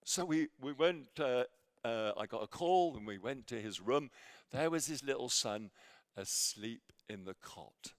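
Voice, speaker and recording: A man preaching a sermon with a personal story, halting with many fillers and restarts, sometimes dropping to near a whisper. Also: mid-range voice, lively intonation, no room sound, studio quality. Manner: drops to near whisper in quiet moments.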